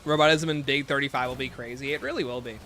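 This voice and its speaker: A young gaming livestreamer plays a zombie shooter while joking and rambling with his chat in casual commentary. He talks fast in a sharp, medium-pitched voice with fairly even intonation, and a little hiss or hum is audible.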